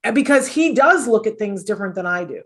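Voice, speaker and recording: Animated and fast, this middle-aged woman's medium-pitched voice carries a fairly bright tone. As a guest, the podcast host and autism mom earnestly recounts stories in a conversational interview, stumbling through plenty of fillers and restarts.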